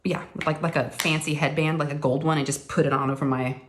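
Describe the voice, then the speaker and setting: A woman in her thirties or forties telling a rambling story to her viewers. She has a somewhat low voice, keeps it casual and easy with lots of fillers, and a faint hiss sits behind her. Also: fairly even intonation, fast. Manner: rambling, addresses viewers as y'all, uses many fillers. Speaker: crafting channel host.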